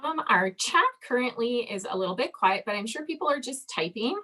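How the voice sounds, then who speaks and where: A woman's voice: fairly high pitch, lively intonation, a little fast, sharp tone. A woman co-hosting a panel, politely and hesitantly passing on audience questions over a video call. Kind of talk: casual panel talk.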